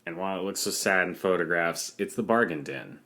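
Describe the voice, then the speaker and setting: A man with a very deep voice co-hosting a comedy podcast. He talks in a deadpan, rambling way, spinning silly bits. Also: brisk. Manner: deadpan jokey, rambling riffs. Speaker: podcast co-host. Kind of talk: casual comedic chat.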